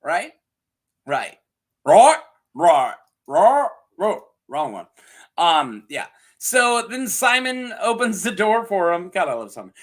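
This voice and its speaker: A man's voice: high-pitched, very animated, sharp tone. A man giving a casual scripted episode recap, often laughing and briefly acting out characters' lines. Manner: giggly, acts out characters in quick voices. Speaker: podcast reviewer.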